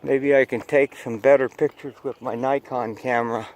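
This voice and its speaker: Holding his phone as he hikes a hillside trail overlooking a city, a man narrates a casual vlog for his viewers, drifting from one memory to the next. He speaks at normal speed in a steady, mid-range voice with a darkish tone.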